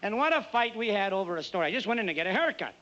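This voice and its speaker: Nightclub comic, guy with a highish voice, brisk stories, teasing the crowd, dull old tv sound. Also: big pitch swings, bright, forceful tone, heavily acted. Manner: brisk storytelling, mock-modest asides to the audience. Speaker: nightclub entertainer. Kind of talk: stand-up comedy routine on stage.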